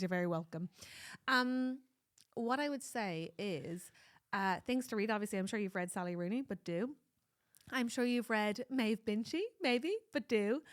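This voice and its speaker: An Irish woman co-hosting a podcast, chatty and animated, handing out advice with the odd swear word. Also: medium pitch. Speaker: podcast co-host. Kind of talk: casual chat.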